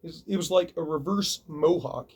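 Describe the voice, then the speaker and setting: A man's voice: fairly high pitch, normal speed, a little mellow, husky. A man vlogging, telling a story casually and acting out the punches with sound effects. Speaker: video reviewer.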